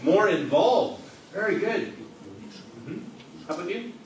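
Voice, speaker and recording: A man leads a sermon in a big hall, teasing and joking with the crowd as he asks them questions. His voice sits a bit high and swings widely in pitch. The sound is roomy and distant, with steady noise behind it. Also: slow pace. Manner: playful, joking, teasing the audience. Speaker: preacher. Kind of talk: interactive sermon with audience questions. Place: large hall with a live audience. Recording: echoey hall, distant, noisy.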